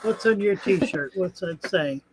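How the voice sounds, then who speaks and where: A man's voice: sits high, a little slow, slight background noise, rough recording. A man hosting a casual aquarium live stream, rambling and thinking aloud, with a chuckle now and then. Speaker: aquarium channel host.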